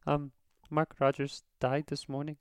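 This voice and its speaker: A man putting on a prissy high phone voice. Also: completely flat delivery, a little slow, clean tone, no room sound, clean studio sound. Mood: mock-polite. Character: man's silly put-on high prank-call phone voice.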